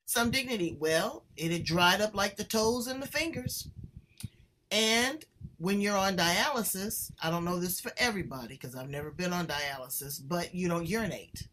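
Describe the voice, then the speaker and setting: A woman hosting a casual interview, brisk and emphatic with quick asides. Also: lowish voice, a bit bright, slight background noise, poor audio. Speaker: host.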